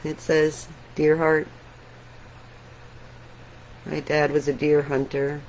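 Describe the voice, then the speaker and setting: A middle-aged woman, an artist, talking casually and reflectively while showing her sketches, with soft laughs now and then. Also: deep voice, level tone, slow, a little hiss or hum, poor audio.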